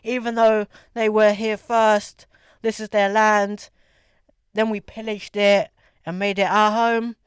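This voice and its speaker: A man's voice: high voice, level tone, slow pace, smooth, no echo. A young man giving casual, rambling, sarcastic opinion commentary, often repeating his words. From Australia. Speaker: video essayist.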